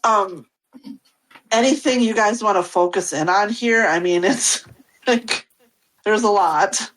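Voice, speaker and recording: A woman's voice: medium pitch, slow, poor audio. A woman co-hosting a podcast, talking casually and rambling with many fillers. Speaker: podcast co-host. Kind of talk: casual chat.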